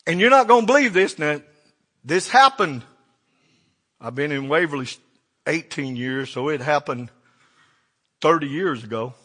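A man's voice: high voice, fairly bright tone. An older man, a pastor telling folksy stories in a sermon and acting out the dialogue. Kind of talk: sermon storytelling.

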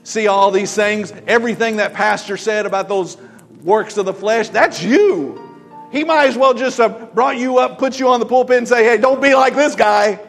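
Taunting male devil, sneering and accusing, as a preacher puts him on, pitched high. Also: normal speed, long reverb tail, faint music behind. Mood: mocking. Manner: mocking, sneering.

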